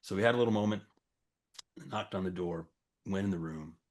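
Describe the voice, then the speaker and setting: A man's voice: sits low, a little fast. A man in his forties casually telling a story to a small group, acting out the dialogue as he goes. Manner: conversational, acts out quoted dialogue, frequent fillers. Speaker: storyteller recounting a campus crisis.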